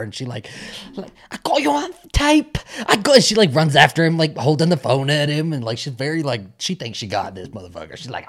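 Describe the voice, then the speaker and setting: Podcast co-host, man, low voice with lively swings, casual and profane. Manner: animated, swearing, mimics characters in high voices. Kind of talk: casual film discussion.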